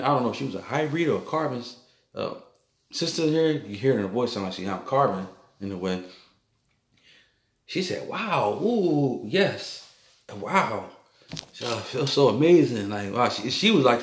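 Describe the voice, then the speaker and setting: Rambling man recounting a dream, echoey room. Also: medium pitch. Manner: rambling, repetitive, loose filler-heavy storytelling.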